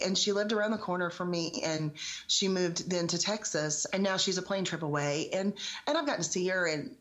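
A woman's voice: lowish voice, dull audio. A woman in her forties, an author, talking candidly and bluntly in a casual podcast conversation. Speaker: author guest.

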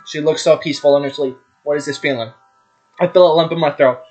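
A man's voice: fairly high pitch, steady tone. A young man reading a visual novel aloud, stumbling over names and swearing at his own slips. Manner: reads fast, stumbles on names, swears and laughs at himself. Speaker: gaming YouTuber. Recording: game music behind the voice. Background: background music.

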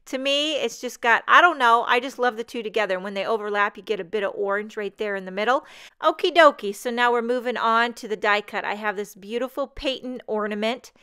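A bubbly woman narrates a crafting tutorial, joking about herself as she goes. Her voice sits a little high and comes through smooth and clear on a close mic. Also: fairly bright tone. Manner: bubbly, chatty and self-deprecating. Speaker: card-making tutorial host. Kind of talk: chatty craft tutorial voice-over.

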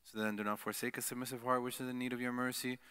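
A man leading a church liturgy, reading the prayers in a steady recited cadence. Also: medium pitch, fast talker, clean tone. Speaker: liturgy leader.

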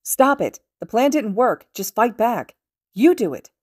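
A woman's voice: sits low, fast, warm tone, no room sound, studio quality. A woman voicing an urgent, pushy teenage boy who keeps pressing his point. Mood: frantic.

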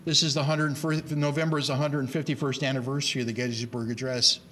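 A medium-pitched, fast-talking middle-aged man, a reading education speaker, addresses a live audience about teaching reading, with slight hiss or hum in the background. His emphatic, animated delivery is full of repeated starts.

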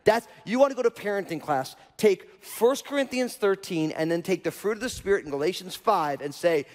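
High-voiced preacher in a reverberant hall. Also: male voice, animated, brisk. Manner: conversational preaching with frequent rhetorical "right?". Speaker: pastor. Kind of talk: sermon. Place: church auditorium. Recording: long reverb of a church hall.

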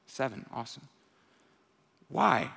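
This young pastor's medium-pitched voice is slow, creaky, and slightly rough, swinging widely in pitch. He preaches conversationally, acts out quotes, and climbs to impassioned near-shouting over soft music in a reverberant hall.

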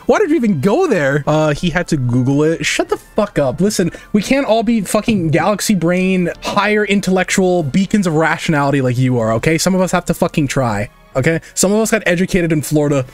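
Young male art streamer, high lively voice, self-mocking and profane, faint music under. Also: fairly quick. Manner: joking, self-mocking, swears a lot; mocks chat in high squeaky voices. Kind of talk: casual livestream chat.

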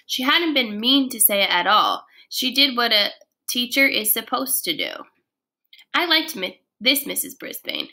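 A woman, a first grade teacher, reading a children's chapter book aloud in an expressive, lively way. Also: mid-range voice, creaky.

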